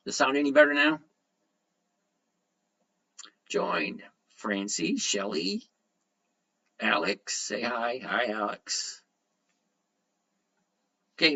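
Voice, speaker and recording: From home, a chatty man hosts a lo-fi livestream, greeting viewers by name and reading their comments aloud. His mid-range voice sounds pushed and bright in this casual chat.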